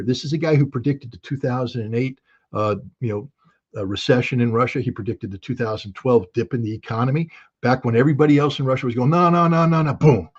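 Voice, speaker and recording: A man's voice: medium pitch, breathy edge, dull audio. A man giving casual spoken analysis, emphatic and folksy, making his points with everyday analogies. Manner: folksy, emphatic, uses analogies and acted quotes. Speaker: commentator.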